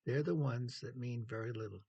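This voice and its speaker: A man giving a measured classroom lecture on writing as the instructor, pausing often with ums and clearing his throat. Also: medium pitch, darkish tone, dull audio.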